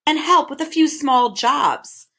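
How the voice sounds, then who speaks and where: A woman reading a storybook aloud, voicing an elegant, overly courteous faceless gentleman. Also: high-pitched, expressive, takes it slowly, pitched above the performer's own voice, full character voice. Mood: polite. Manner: smooth, courteous.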